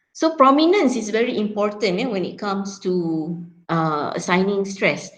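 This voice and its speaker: A woman's voice: mid-range voice, poor audio. Malaysian woman lecturer, checking in often. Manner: explains step by step, often checking with "yeah?". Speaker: university lecturer. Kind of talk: teaching a phonetics class.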